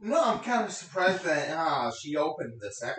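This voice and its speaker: A woman's voice: deep voice, sing-song, normal speed, crowd noise. A woman co-hosting a casual podcast, loose and buzzed, swearing as she talks. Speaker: podcast co-host. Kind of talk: casual chat.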